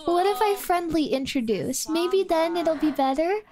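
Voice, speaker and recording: A woman streaming a life-sim game in casual chat, excitable and anxious, often repeating herself. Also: very high voice, moderate pace. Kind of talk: casual let's play chat.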